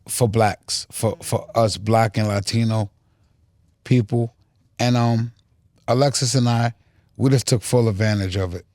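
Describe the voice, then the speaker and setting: A man's voice: on the low side, fairly even intonation, unhurried, darkish tone, no echo, studio quality. A man talking as a podcast guest in casual conversation, emphatic and motivational, telling stories. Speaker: guest, cannabis company co-founder.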